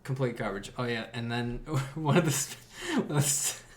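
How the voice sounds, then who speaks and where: A man's voice: medium pitch, normal speed, a little hiss or hum. A man co-hosting a casual podcast, ranting sarcastically and laughing often. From Chicago area. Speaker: podcast co-host. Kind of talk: casual chat.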